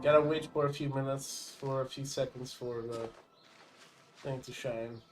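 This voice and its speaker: A man's voice: medium pitch, steady tone, moderate pace, poor audio. A man hosting a live game stream, rambling and joking with frequent laughter. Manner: goofy, laughing, rambling jokes. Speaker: streamer host. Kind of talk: live gameplay chat.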